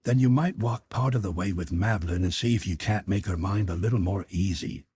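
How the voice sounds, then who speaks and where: A man voicing a calm, persuasive lady. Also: low voice, a little fast, a little hiss or hum, lightly acted. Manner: gentle, reasonable, soothing. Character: composed grown woman, calm and persuasive.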